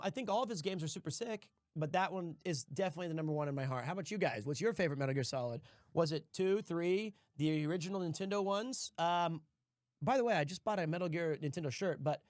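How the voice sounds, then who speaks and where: A man's voice: sits high, no echo, studio quality. A young adult man hosting a stream, chatting casually with profane, joking banter. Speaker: streamer host.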